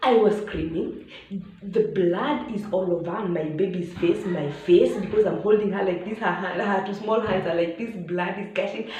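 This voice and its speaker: A Kenyan woman in her thirties tells a story to her viewers in a lively, dramatic way. She jumps from acted-out shouts down to hushed asides and mixes in Swahili words. Her voice sits at a middle pitch and bounces around a very echoey room, with a faint hum of noise behind it. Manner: animated retelling, acting out shouts and dropping to hushed asides, mixing in Swahili. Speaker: vlogger. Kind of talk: storytelling vlog.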